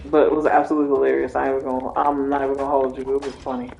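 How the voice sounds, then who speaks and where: A woman's voice: a bass voice, flat delivery, very fast, vocal fry, a little mellow. A woman DJ telling a funny family story in casual, slangy talk, laughing as she goes. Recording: roomy echo with faint music.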